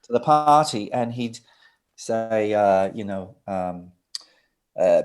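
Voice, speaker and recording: A man's voice: fairly low pitch, animated, takes it slowly, long pauses, smooth. A middle-aged man from England, a record producer, telling his family history as a guest in a casual interview, rambling and restarting sentences. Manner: rambling, anecdotal, frequent restarts.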